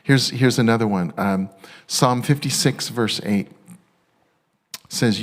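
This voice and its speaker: A male pastor preaching a sermon, excitable and halting with many restarts, turning tender and emotional at times. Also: medium pitch.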